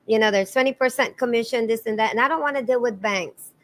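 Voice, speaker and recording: A middle-aged woman from the Philippines, with a Filipino accent, is a podcast guest telling her life story earnestly in emotional conversational storytelling. She talks fast at a fairly high pitch, with many restarts and repeated words.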